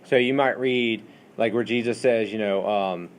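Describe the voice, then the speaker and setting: A man's voice: lowish voice, moderate pace. A man teaching a Bible study class in a classroom, lecturing in a conversational way and asking the students questions, with many fillers.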